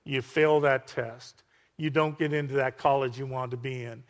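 A man preaching a sermon to a congregation, animated and full of call-outs to the listeners. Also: medium pitch, normal speed. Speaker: pastor. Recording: long hall reverb.

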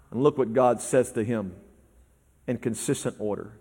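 A man preaching a sermon to a church service, swinging from quiet, fast lines up to shouting and half-singing. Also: mid-range voice, some chatter behind. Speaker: pastor. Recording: long hall reverb.

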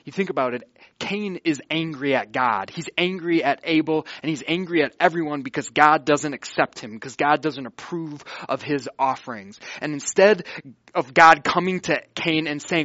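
Guy preaching a sermon, kinda high voice, hushed then loud, dry lo-fi sound. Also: moderate pace, dry recording. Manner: swings from hushed pleading to loud emphatic preaching. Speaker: pastor.

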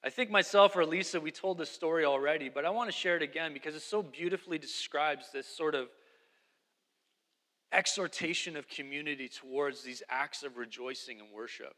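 A man's voice: on the high side, brisk, a bit bright, big-room sound. A man preaching a sermon as pastor, emphatic and repeating key phrases.

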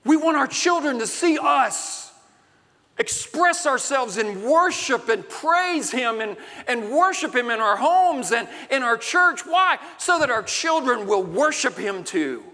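A man preaching a sermon in a large church, swinging from loud, emphatic lines to hushed ones. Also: extremely high pitch, very animated, takes it slowly. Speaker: pastor. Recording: long hall reverb.

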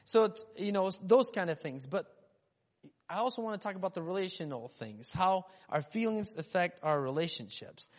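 High-voiced man preaching in a reverberant hall. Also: animated, normal speed. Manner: chatty, rambling, acts out inner voices. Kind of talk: casual conversational sermon. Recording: dull sound with long hall reverb.

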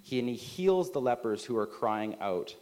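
A man in his thirties preaches his sermon to a congregation. He talks in an easy, conversational way, full of little asides and "right?". His voice sits at an ordinary middle pitch and lifts for emphasis. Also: expressive, normal speed, a little mellow. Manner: conversational, many filler likes and rights, rising emphasis. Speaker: pastor.

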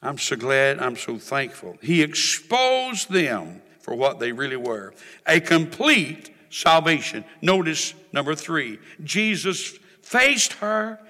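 A man preaching a sermon in a church, with a rhythmic, rising and falling cadence and drawn-out refrains. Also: a little high, very animated, sharp tone. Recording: reverberant hall.

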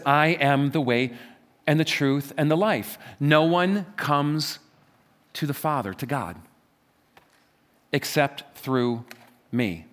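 A man preaching a sermon from a church stage, emphatic and repetitive, swinging between loud stresses and quiet asides. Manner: emphatic, repeats phrases, wide swings in pitch and loudness. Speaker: pastor.

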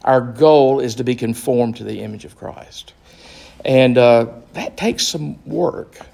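Gravelly pastor leading a study. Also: male voice, medium pitch, darkish tone. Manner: slow, earnest, with fillers and restarts. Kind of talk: Bible study talk.

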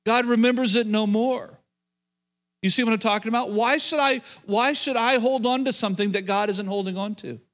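A man's voice: very high voice, moderate pace, fairly bright tone. A middle-aged man preaching to a congregation, repeating phrases and restarting sentences as he calls out to the room. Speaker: pastor. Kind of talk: sermon.

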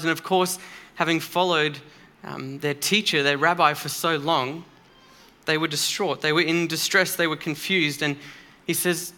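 Guy preaching in church, kinda high bright voice, earnest, leans hard on the key words. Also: fairly even intonation, moderate pace. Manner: earnest, emphatic, conversational with fillers. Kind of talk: sermon.

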